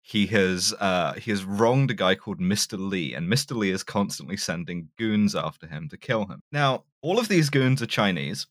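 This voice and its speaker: Male co-host, low voice, dry close sound, sarcastic casual banter. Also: normal speed, hardly any pauses, dry recording. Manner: animated, sarcastic, swears freely. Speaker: podcast co-host. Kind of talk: casual chat.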